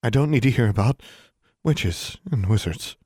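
A man's voice: mid-range voice, animated, moderate pace, darkish tone, slightly rough, no room sound, clean studio sound, pitched above the performer's own voice. A man voicing a weary, ordinary middle-aged mother in an audiobook, speaking in a clipped, defensive way. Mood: subdued. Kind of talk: audiobook character voice.

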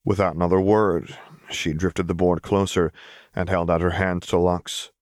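A man reading a fan-fiction story aloud as narrator, with steady storytelling. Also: low voice, moderate pace, no echo, studio quality. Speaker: audiobook narrator. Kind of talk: scripted narration.

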